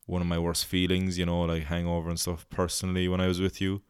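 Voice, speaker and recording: A man's voice: low-pitched, monotone, fast, clear, resonant tone, no room sound, studio quality. An Irish man hosting a podcast, rambling comically, swearing a lot and slipping into silly voices. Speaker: podcast host. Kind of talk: casual comedic monologue.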